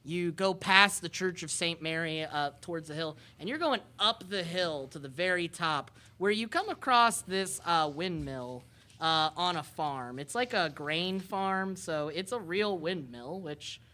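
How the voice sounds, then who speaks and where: Woman game master, bright and low-pitched, rambling narration. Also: lively intonation, measured pace. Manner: rambling, lots of ums and uhs.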